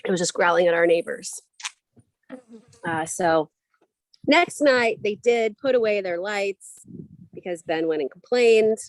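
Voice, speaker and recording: A woman's voice: medium pitch, animated, no echo. A woman in her thirties co-hosting a casual livestream, chatting and telling family stories. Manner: chatty storytelling, quick asides. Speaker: co-host.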